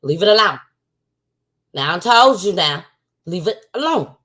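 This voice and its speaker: A woman's voice: lowish voice, sing-song, measured pace, a bit bright. A woman putting on a stern scolding grandma. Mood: stern warning. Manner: threatening, warning sternly.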